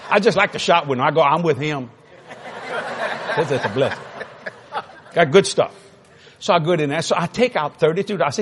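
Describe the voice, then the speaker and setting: A man preaching a sermon, telling a funny story with laughter and sudden shouts. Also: on the high side, fairly quick, husky. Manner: animated, laughing, bursts into shouts.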